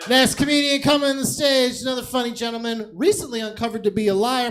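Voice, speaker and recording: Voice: medium pitch, fairly even intonation, quick pace. A comedy show host who asks blunt, teasing questions and swears freely on stage. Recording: clear background noise.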